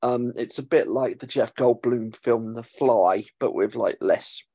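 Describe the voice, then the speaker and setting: A man, hosting a podcast and recapping an episode in a casual, sarcastic way, swearing freely and filling pauses with um. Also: medium pitch, mellow, husky, dry recording. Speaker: podcast host.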